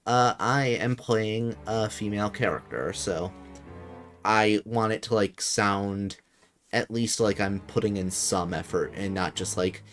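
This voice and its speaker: A man with a deep voice and a Midwestern accent, casually commenting while streaming a game, hesitant with many fillers. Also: unhurried, fairly bright tone, soft background music. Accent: Midwestern American. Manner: hesitant, filler-heavy, self-deprecating.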